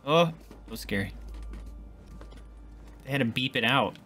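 Excitable swearing male game streamer. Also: medium pitch, measured pace, faint music behind. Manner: excitable, swears a lot, jokes at the screen. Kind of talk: casual gameplay commentary.

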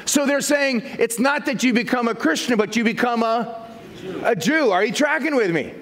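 A man preaching a verse-by-verse sermon as pastor, animated and jokey, acting out the people in the text. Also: very high-pitched, moderate pace. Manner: animated, jokey, acts out quotes.

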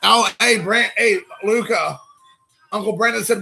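Excitable high gravelly man rambling. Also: unhurried, faint music behind, rough recording. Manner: excitable, rambling, calls people dude. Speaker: host opening trading card packs. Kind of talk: casual live-stream chat.

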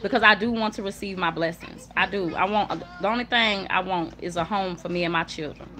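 A young woman chatting casually and emphatically to viewers on a livestream, repeating herself and hushing her children now and then. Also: lowish voice, brisk, faint music behind. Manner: chatty, emphatic, repetitive, warm toward viewers; hushes children mid-talk. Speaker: livestream host. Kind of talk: casual live chat to viewers. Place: home room with kids nearby.

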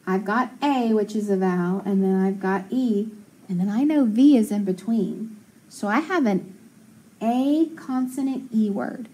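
A woman's voice: mid-range voice, unhurried, mellow, breathy edge, rough recording. A woman teacher walking young children through phonics, splitting words into syllables, sounding them out, and praising them.

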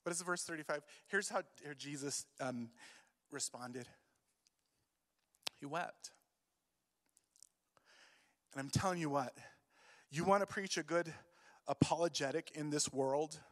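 A man giving an emotional sermon as a youth pastor, moving between quiet grief and loud urging. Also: on the high side, a little slow, long pauses. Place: church hall. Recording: long hall reverb.

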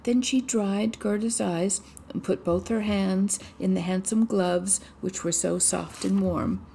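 A woman reading a fairy tale aloud in a measured, steady storytelling manner. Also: medium pitch, creaky, slight background noise.

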